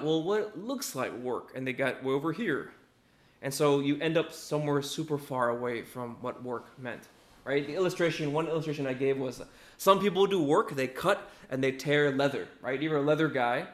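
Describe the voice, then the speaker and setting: A young man giving a casual, conversational sermon, often checking in with "right?" and acting out what people said. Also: on the high side. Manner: conversational, keeps asking "right?", acts out quotes. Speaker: preacher. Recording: echoey room.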